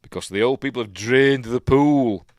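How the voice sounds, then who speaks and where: A man with a Yorkshire accent hosts an emotional, chatty film breakdown, rambling with plenty of ums and uhs. His pitch is medium and his speed normal, and the studio recording is clean with no echo.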